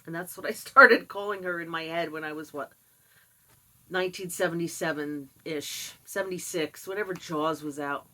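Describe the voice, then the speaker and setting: Candid older woman, bright forceful voice. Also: deep voice, moderate pace, low-quality recording. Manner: candid, animated, some sighing and laughing asides. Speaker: vlogger sharing personal experience. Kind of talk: casual personal storytelling.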